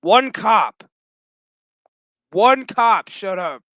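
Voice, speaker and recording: A man's voice: sits high, lively intonation, extremely slow, sharp tone, no room sound, poor audio. A man casually recapping a TV episode in a rambling, joking way, swearing constantly. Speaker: gaming channel host.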